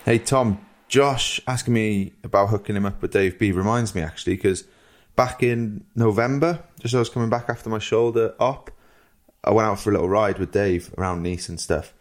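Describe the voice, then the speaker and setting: A Welsh man in his thirties, co-hosting a podcast and telling a rambling story in a casual, animated way, often acting out what people said. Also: on the low side, moderate pace, soft background music. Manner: rambling, animated, quotes people in lively voices. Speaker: podcast co-host.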